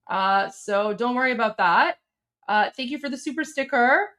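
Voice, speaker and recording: Woman doing a live stream, kinda high voice, blunt and chatty, lots of likes and ums, reacting to chat. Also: expressive, moderate pace, fairly bright tone. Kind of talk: casual live-stream commentary reading viewer chats.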